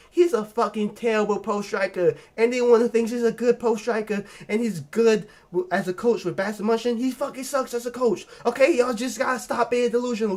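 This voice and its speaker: Animated, cursing man ranting. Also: high voice. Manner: animated, profane, joking rant. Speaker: video host. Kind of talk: casual ranking commentary.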